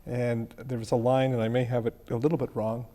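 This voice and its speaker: A man hosting an interview, asking deliberate questions at a measured pace. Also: medium pitch, level tone, mellow. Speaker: interview host. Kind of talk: interview questions and reading aloud.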